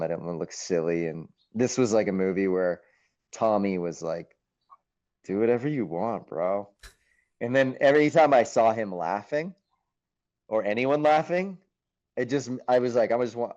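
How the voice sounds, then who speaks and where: A man being interviewed as an actor, telling stories in a lively, casual way, acting out his own thoughts and swearing now and then. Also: sits low. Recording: muffled, dull sound.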